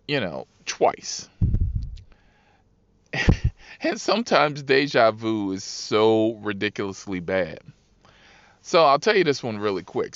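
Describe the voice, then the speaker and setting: A man who drives for a rideshare service, telling profane, animated stories about his riders and acting out their voices. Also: mid-range voice, no room sound. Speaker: rideshare driver and podcast host. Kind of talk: casual storytelling monologue. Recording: dull, dry lo-fi recording.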